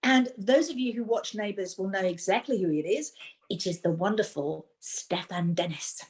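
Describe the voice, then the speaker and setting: A woman's voice: mid-range voice, noisy background. A woman host who teases her co-hosts and then brings in the guest. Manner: teasing, brisk. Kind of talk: casual chat.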